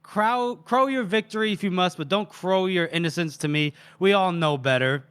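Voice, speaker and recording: A man reading aloud the lines of a scheming, cold-spoken grand duke in a measured, accusing way. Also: high-pitched, a bit bright, clean tone. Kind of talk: dramatic book reading.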